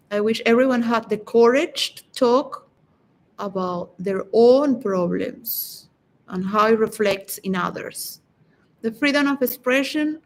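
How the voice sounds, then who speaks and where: A woman's voice: on the high side, low-quality recording. A woman giving a reflective, philosophical solo monologue that rambles and halts, with frequent restarts. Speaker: vlogger.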